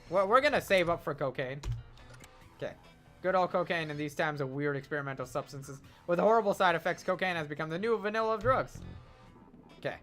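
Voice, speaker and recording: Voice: medium pitch, fairly bright tone. A streamer playing a dating game, making playful, joking asides in casual commentary.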